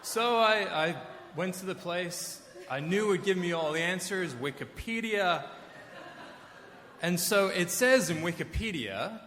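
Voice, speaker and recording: A man's voice: fairly high pitch, a bit bright. A middle-aged man preaching a sermon as pastor, telling stories with wry, self-deprecating asides. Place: church sanctuary. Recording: echoey church hall.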